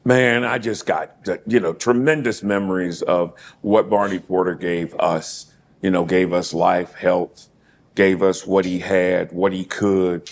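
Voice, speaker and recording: A middle-aged man, a former pro football player, reminiscing as an interview guest in a casual, animated way, laughing often and repeating words. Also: low-pitched, unhurried, a little hiss or hum.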